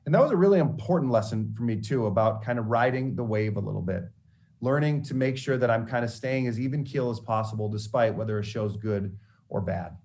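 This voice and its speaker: A man's voice: mid-range voice, a little fast. A man who works as a sportscaster, telling candid stories to students about mentors and failure, with frequent restarts as he goes. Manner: candid, animated storyteller with many restarts. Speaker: sportscaster giving a mentoring talk. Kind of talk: storytelling speech to students.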